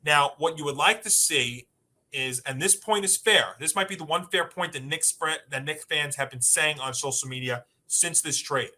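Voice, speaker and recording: Bright, emphatic male sports podcast host. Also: on the high side, normal speed. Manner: emphatic, rattles off lists. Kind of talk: sports talk debate.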